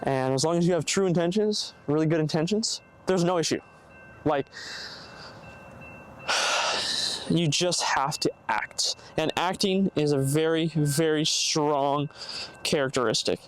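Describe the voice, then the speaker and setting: A man's voice: a little high, a little slow, long pauses, fairly bright tone. A young man hosting a casual solo podcast, giving earnest, rambling advice and acting out hypothetical conversations. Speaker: podcast host. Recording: faint background noise, bad mic.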